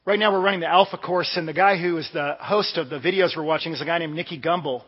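A man from the Washington DC area, a pastor, preaches a sermon in a conversational, storytelling style. His voice is fairly high, fast and husky. The recording sounds dull, with long hall reverb.

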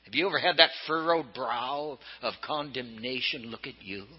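An older man from California preaching a sermon as a bishop, telling stories and swinging his pitch up and down for emphasis. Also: moderate pace, breathy edge, dull audio. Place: church.

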